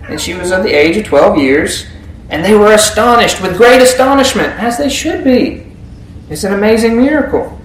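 A man's voice: high-pitched, animated, measured pace, distant mic. A man preaching a sermon in a conversational way, often asking the congregation questions. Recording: very echoey room.

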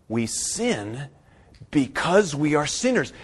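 A man preaching a sermon. He swings from loud, emphatic bursts to quiet asides and repeats his key phrases for weight. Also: medium pitch, very animated, measured pace. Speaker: pastor.

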